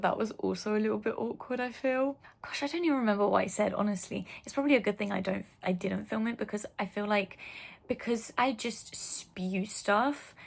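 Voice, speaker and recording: A woman's voice: mid-range voice, gravelly. A young woman vlogging in a casual, gushing way, full of "like" and fond asides. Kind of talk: casual chat.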